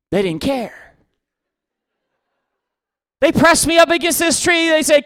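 Casting: a man preacher with a very high voice, self-mocking and comic, telling a sermon story, dry close sound. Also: very animated, measured pace, long pauses, fairly bright tone, dry recording.

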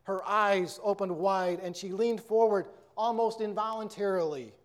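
A preacher telling a story and then giving a sermon in an earnest, measured way. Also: male voice, high-pitched.

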